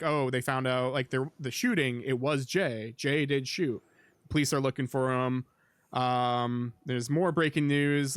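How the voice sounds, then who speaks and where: A man hosts a casual podcast and rambles through a film recap, padding it with fillers. His voice is smooth and clear at a middle pitch. The sound is dry and close. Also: a bit bright, dry recording. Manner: rambling, filler-heavy, with many ums and likes. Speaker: podcast host.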